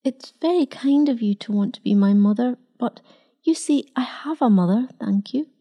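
A woman voicing an excited, eager little boy in a storybook reading, breathless with excitement. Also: a little high, moderate pace. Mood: polite.

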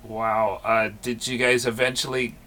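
A man in the host's seat of an interview speaks at a middle pitch. He asks his questions casually and hesitantly, with plenty of fillers. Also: flat delivery, unhurried, pushed and bright. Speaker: host and author. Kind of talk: podcast interview.

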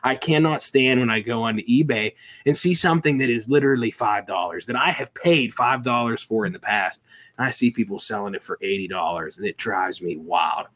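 An animated man telling stories as a toy collector on an interview show. He jokes at his own expense and rambles loosely from one thought to the next. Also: medium pitch, brisk. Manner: animated, self-deprecating, rambling with restarts. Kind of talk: casual interview storytelling.

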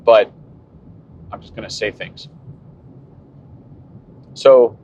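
A man's voice: drawn-out words, warm tone. A man in his fifties hosts a solo cycling podcast from his car. He muses aloud in a wry, sarcastic way. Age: 50s. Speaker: cycling podcast host and coach. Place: in a moving car. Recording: muffled car recording with road rumble.

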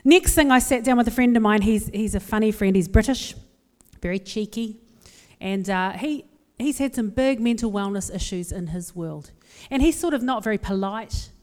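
A woman with a New Zealand accent tells stories at her own expense in a candid, humorous talk before a live audience. She has a mid-range, darkish voice at a moderate pace, recorded with long hall reverb.

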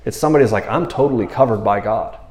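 A man's voice: lowish voice, racing, roomy sound. A man preaching a sermon in a casual, slangy way, acting out the people in the story with changing voices. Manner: animated, slangy, acts out quotes in character voices. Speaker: pastor.

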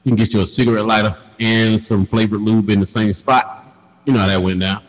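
A man telling a crude story in casual chat, laughing often and animated. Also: fairly low pitch, fairly quick, long reverb tail, rough recording.

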